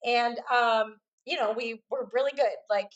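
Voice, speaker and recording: Brief: woman podcast co-host, lively storyteller, a bit high-pitched. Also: a little slow, dull audio. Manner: animated storyteller, quotes herself and others. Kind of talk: casual storytelling chat.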